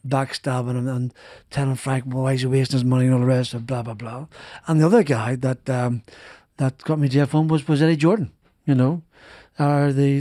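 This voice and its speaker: Guest: middle-aged ex-driver, rambling storyteller, mid-pitched man, dry close podcast mic. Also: mellow, dry recording. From Northern Ireland. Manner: rambling, frequent restarts and repeated words. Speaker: former racing driver, guest. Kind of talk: casual interview storytelling. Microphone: studio podcast mic.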